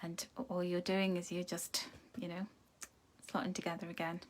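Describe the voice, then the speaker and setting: A woman reading angel cards live, chatting to viewers and reacting to their comments, with softer, slower passages for affirmations. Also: lowish voice, monotone. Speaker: angel card reader. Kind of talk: live card reading chat.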